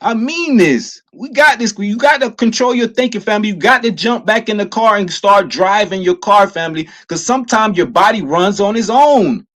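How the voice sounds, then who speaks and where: A man giving a motivational talk, emphatic and repetitive, who keeps addressing listeners as family and gets loud and emotional at times. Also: sits high, lively intonation, moderate pace, hardly any pauses. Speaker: motivational vlogger.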